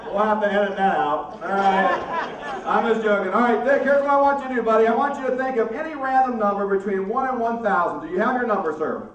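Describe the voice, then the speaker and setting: A man's voice: high voice, lively intonation, brisk, crowd noise. A man hosting a comedy mind-reading stage show, joking with audience members in an upbeat manner. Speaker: comedy mentalist host. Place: theater stage with live audience. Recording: roomy stage sound from a distance.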